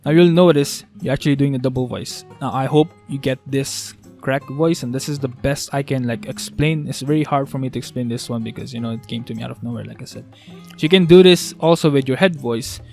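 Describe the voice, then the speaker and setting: A man teaching a beatbox vocal technique in a casual tutorial, talking haltingly with restarts as he works out how to explain it. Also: medium pitch, vocal fry, darkish tone, soft background music. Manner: halting, restarts, thinks aloud.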